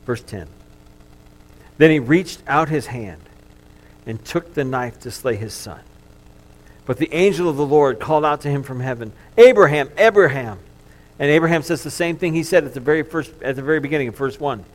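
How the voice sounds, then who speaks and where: A middle-aged male pastor preaching a sermon, telling the story earnestly and dropping from loud passages to hushed ones. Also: medium pitch, fairly quick.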